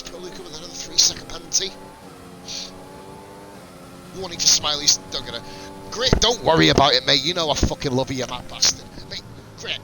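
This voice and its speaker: A man giving live, sweary, excitable commentary on a sim-racing league, chatting with his viewers between calls. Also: fairly high pitch.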